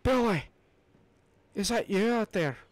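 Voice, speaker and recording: A man putting on a shrill, fussy accented voice, loudly calling out and scolding. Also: lively intonation, slow pace, no room sound. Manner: shouting, scolding.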